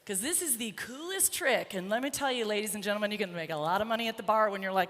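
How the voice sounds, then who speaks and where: A woman's voice: medium pitch, lively intonation, fast, fairly bright tone. A woman horse trainer giving a live arena demonstration, chatting encouragingly to her colt and the crowd. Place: large indoor horse arena. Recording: reverberant arena with faint noise.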